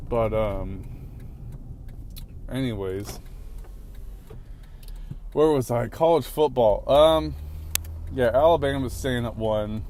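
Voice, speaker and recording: A man's voice: mid-range voice, measured pace, pauses often. A young man, hosting a casual solo podcast from his car, rambling with constant profanity and flaring into angry outbursts. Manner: profane rambling, flares into shouting at other drivers. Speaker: podcast host. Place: in a car on city roads. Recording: faint traffic noise from a car.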